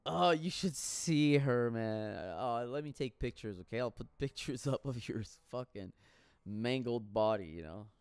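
A man's voice: medium pitch, measured pace, clean tone, no echo. A man telling stories in a casual solo monologue, rambling and profane with frequent laughter.

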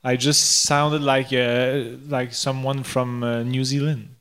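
A man whose first language is French, co-hosting a podcast in casual chat and often halting to search for English words. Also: medium pitch, level tone, a bit bright, clean tone. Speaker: podcast co-host.

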